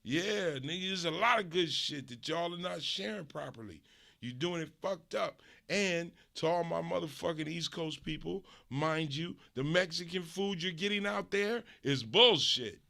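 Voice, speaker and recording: A middle-aged man from Los Angeles hosting a stream, ranting through a comic story in an animated, profane way with big swings in pitch and volume. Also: normal speed, vocal fry. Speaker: stream host.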